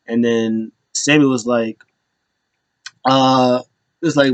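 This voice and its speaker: A man's voice: medium pitch, steady tone, normal speed, a little mellow, no room sound. A man casually recapping wrestling events in a rambling, amused way, often laughing as he retells them. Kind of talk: casual chat.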